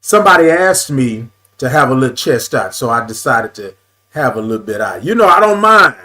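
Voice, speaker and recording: Greeting each viewer by name in drawn-out, sung tones, a man hosts a relaxed morning live stream peppered with "y'all." He says things more than once and keeps tweaking his camera. The voice is mid-range, sing-song, bright and forceful.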